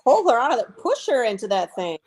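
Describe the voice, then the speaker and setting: Quippy woman, lively pitch. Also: brisk. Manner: quippy, short wisecracks. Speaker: player. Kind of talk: casual tabletop game play.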